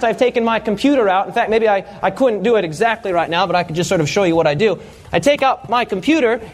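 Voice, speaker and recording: A pastor preaching a sermon, telling humorous stories and quizzing his congregation. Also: very high-pitched.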